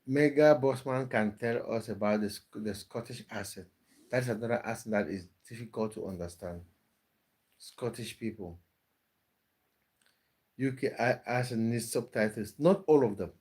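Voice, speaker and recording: A man's voice: lowish voice, moderate pace, darkish tone, slightly rough. A man hosting a casual livestream, chatting with viewers and reading out comments, often repeating words as he restarts. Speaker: livestream host reading chat. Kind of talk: casual live chat.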